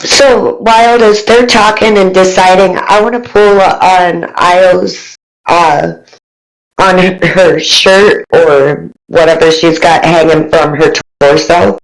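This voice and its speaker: Slow-talking woman playing a tabletop game. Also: fairly low pitch, fairly even intonation, low-quality recording. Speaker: player. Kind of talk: casual tabletop role-play.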